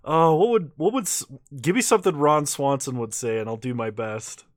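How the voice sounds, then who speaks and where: A man's voice: a little high, no echo, clean studio sound. A man streaming a card game with casual commentary, laughing often and a little tipsy after a few beers. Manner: laughs often, relaxed and chatty.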